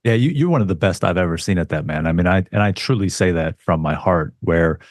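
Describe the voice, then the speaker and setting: A man's voice: low voice, lively intonation, a little fast, no echo, clean studio sound. A man from Las Vegas, a guest on a podcast, talking earnestly with frequent restarts. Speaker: guest, sales expert. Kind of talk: casual interview chat.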